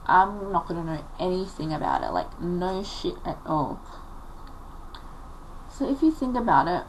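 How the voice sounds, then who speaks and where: A woman's voice: fairly low pitch, slight background noise, rough recording. A woman in her late teens telling a personal story on a confessional vlog, emotional and rambling, full of filler likes. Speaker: vlogger.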